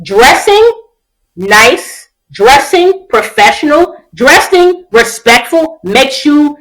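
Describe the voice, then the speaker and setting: A woman's voice: sits high, big pitch swings, slow, fairly bright tone, low-quality recording. A woman co-hosting a casual podcast, blunt and profane, acting out quotes as she talks. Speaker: podcast co-host. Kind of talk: casual chat.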